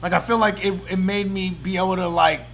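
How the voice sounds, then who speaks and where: A Bay man hosts a casual podcast. His voice is high and bright, and he rambles and swears easily. Faint background noise sits under the recording. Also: steady tone, fairly quick. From San Francisco Bay Area. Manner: rambling, constant "you know what I mean", swears freely. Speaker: podcast host. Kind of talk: casual chat.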